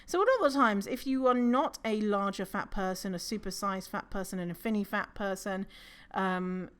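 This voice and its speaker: A woman's voice: medium pitch, normal speed, clear, resonant tone. Chatty, laughing woman podcast host. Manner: chatty and animated, laughs often, swears casually. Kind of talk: casual solo podcast monologue.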